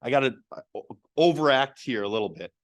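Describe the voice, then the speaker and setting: A man's voice: medium pitch, brisk, no echo. A man presenting a public speaking workshop to a live room, quizzing the audience as he goes. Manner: animated, asks the audience questions. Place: meeting room.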